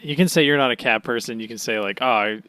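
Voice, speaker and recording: A male podcast co-host banters casually with wry, deadpan jokes. His voice sits at a middle pitch. The recording is dry and close. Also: quick pace, no echo. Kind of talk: casual chat.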